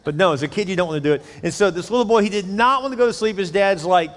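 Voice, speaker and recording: Racing through his sermon, a middle-aged pastor speaks candidly and cracks jokes in a voice that sits a bit high for a man. The church auditorium gives the recording an echoey hall sound with a long reverb tail.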